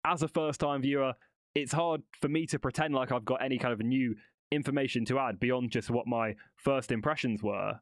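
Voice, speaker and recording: A man talks through a solo motorsport podcast in a loose, conversational way, often restarting and correcting himself. His voice sits at an ordinary middle pitch. The sound is dry and close, with no room echo. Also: steady tone, normal speed. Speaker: podcast host. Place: studio.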